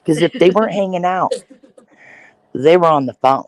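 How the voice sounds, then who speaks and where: A woman's voice: low-pitched, wildly swooping pitch, takes it slowly, long pauses, a little hiss or hum, low-quality recording. A woman from Iowa telling a family story in casual chat, acting out the voices of the people she quotes. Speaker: podcast host.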